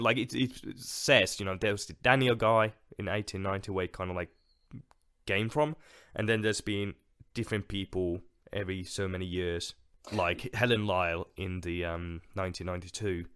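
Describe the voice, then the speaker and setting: A man's voice: low-pitched, moderate pace, a bit bright, clear, resonant tone, dry recording, clean studio sound. A man co-hosting a podcast in a casual film discussion. He speaks hesitantly, with many fillers and restarts. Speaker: podcast co-host.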